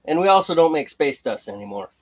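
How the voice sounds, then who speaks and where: A man's voice: on the high side, big pitch swings, fast, muffled recording, slight background noise. A man co-hosting a homebrew stream, chatting casually and joking while he brews. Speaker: homebrew show co-host. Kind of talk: casual chat while brewing on a live stream.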